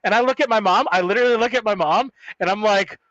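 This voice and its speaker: A man's voice: high-pitched, quick pace, fairly bright tone, dry recording, dull audio. A man co-hosting a podcast, telling a long story in a rambling, profane, casual way with many restarts. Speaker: podcast co-host.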